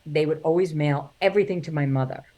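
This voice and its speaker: Middle-aged woman, comic storyteller, lowish voice, plays her relatives' voices and laughs a lot. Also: fast, warm tone. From New York. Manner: acts out family voices, laughs often. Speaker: guest, singer and comedian. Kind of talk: animated storytelling interview.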